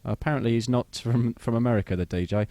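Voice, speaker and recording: A man's voice: mid-range voice, fast talker, mellow, no echo. Male radio DJ, mid-range voice, casual self-deprecating links. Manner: chatty, offhand and self-deprecating, with filler "uh"s.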